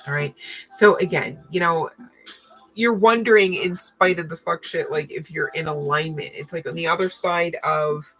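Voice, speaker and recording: A woman's voice: deep voice, normal speed, fairly bright tone, faint music behind, low-quality recording. A woman giving a casual tarot reading, chatty and slangy, swearing freely and peppering her talk with fillers. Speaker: tarot reader.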